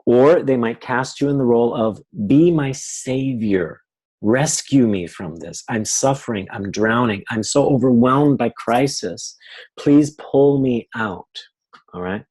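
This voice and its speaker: Male webinar teacher, mid-pitched, explanatory, mimics client pleas. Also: measured pace, a little mellow, breathy edge, poor audio. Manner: explanatory, acts out clients' pleas in quoted voices.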